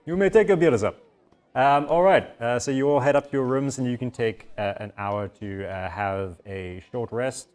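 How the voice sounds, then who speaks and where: A South African man narrating as game master, relaxed and hesitant with many fillers. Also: medium pitch, moderate pace, hardly any pauses, clear, resonant tone, faint music behind.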